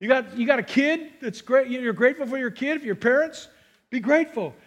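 A man preaching a sermon as pastor, animated and acting out little scenes and voices for his congregation. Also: very high-pitched, brisk.

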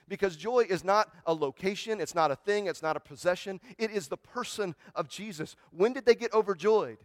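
The pastor's voice is high-pitched and brisk, recorded with no echo. His sermon feels like conversation, full of repeated words and "right?", moving between soft reverence and loud excitement.

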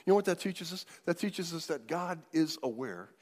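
A man preaching a sermon as pastor, emphatic, swinging widely in loudness and pace. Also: a little high, expressive, moderate pace. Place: church sanctuary. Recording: long hall reverb.

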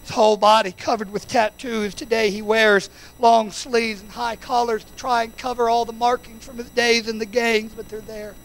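A man preaching a sermon in a church, building to impassioned shouted peaks and then dropping to a quiet, intimate tone. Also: very high-pitched, level tone, moderate pace, hardly any pauses, low-quality recording. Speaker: pastor.

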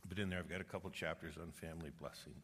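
A middle-aged man preaching a sermon, animated and humorous, rising to forceful exhortation. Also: deep voice, racing, husky. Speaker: pastor. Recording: long reverb of a large hall.

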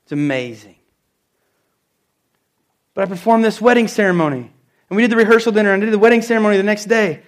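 A middle-aged pastor with a high-pitched voice preaches a sermon in church. He tells stories and drives home key phrases by repeating them slowly and emphatically.

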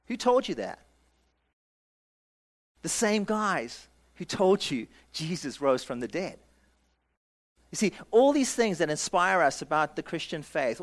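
Male pastor, higher register, lively emphatic sermon delivery. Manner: emphatic, acts out congregation voices, rhetorical questions.

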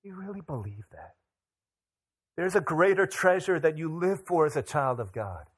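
Preaching a relaxed, story-driven sermon, a middle-aged pastor shares personal anecdotes and animatedly performs the voices of the people in them. His voice is a little high and breathy-edged, at a moderate pace.

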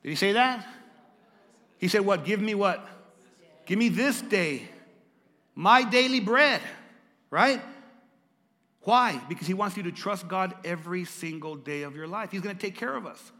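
A man's voice: high voice, lively intonation, a little slow, pauses often, pushed and bright, in a large hall. A male pastor preaching a sermon, dramatic and repeating lines for emphasis as he calls out to the congregation. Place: church.

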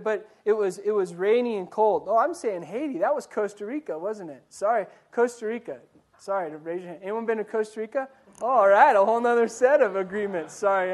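A man preaching to his church in a conversational, earnest way, correcting his own slips as he goes. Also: sits high. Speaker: pastor. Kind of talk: sermon.

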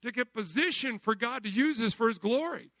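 A middle-aged man preaching a sermon as pastor, asking the congregation questions and dropping from loud calls to hushed lines. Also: very high-pitched, animated, fairly quick, dry recording.

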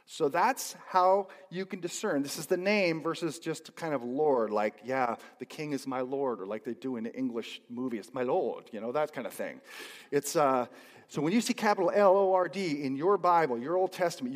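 A man's voice: a little high, moderate pace. Man preaching in a reverberant church. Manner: conversational teaching with sudden emphatic swells. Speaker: pastor. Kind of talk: sermon. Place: church sanctuary. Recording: long hall reverb.

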